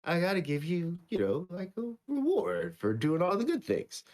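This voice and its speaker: A man putting on a high, breezy big daddy cat. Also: wildly swooping pitch, moderate pace, darkish tone. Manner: breezy, offhand, raised voice. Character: easygoing male big daddy cat, generous.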